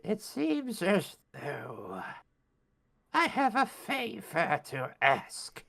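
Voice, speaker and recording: A man's voice: sits high, huge pitch swings, creaky, bright, forceful tone, pitched above the performer's own voice, exaggerated voice. A man playing an ancient wheedling hag crone. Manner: slow, drawn-out, wheedling speech. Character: ancient decrepit hag crone, female, scheming.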